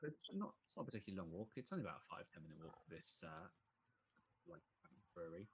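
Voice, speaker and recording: A man's voice: sits low, big pitch swings, fast talker, lo-fi sound, a little hiss or hum. A man narrating as game master of a tabletop game, rambling with many fillers.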